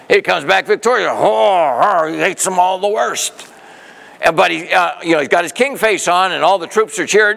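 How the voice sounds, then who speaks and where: Gravelly preacher in an echoing hall. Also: male voice, high voice, fairly quick. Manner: animated storytelling, acting out quoted voices. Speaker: pastor. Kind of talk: sermon.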